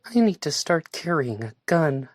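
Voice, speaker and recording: A man's voice: a little high, sing-song, unhurried, no room sound, studio quality, pitched above the performer's own voice. A man voicing an anxious young woman who asks chirping questions in an audiobook. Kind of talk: audiobook character reading.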